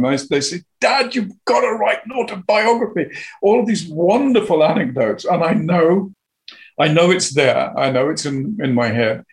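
A man's voice: medium pitch, rough recording. An older man, an actor, talking as an interview guest in a hesitant, self-deprecating way with small chuckles. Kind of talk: interview conversation.

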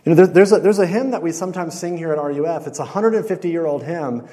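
A man in his thirties giving a relaxed, conversational sermon as a campus minister. He keeps asking the audience questions and uses lots of casual fillers. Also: on the high side, fast talker. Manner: conversational, with lots of "like" and "you know". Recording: long hall reverb.

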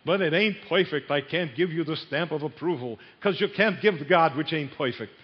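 A man's voice: a little high, moderate pace, lightly acted. A man voicing a haggling male lamb inspector in a put-on Yiddish-style accent, with wheedling salesman patter. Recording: dull sound in a long-reverb hall.

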